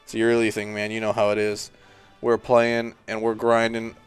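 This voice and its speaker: Sleepy guy chatting over gameplay, low smooth voice, rambling thru menus, faint music behind. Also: completely flat delivery, normal speed. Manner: rambling, thinking aloud while clicking through menus. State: tired and yawning. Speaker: gaming YouTuber. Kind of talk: casual gameplay commentary.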